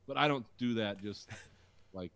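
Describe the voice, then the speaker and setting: A man's voice: normal speed, fairly bright tone, clean tone. A man in his thirties co-hosting a podcast, telling stories in crude casual chat with frequent laughter. He swears freely and keeps slipping into mocking impressions of other people. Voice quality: profane, laughs often, mimics people in high voices. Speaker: podcast co-host.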